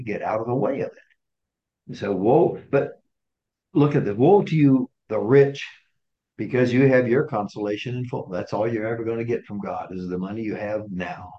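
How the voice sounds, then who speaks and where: A man's voice: mid-range voice, moderate pace, muffled recording. A man leading a casual Bible study group, talking conversationally and often repeating and restarting words. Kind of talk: casual teaching to a small group.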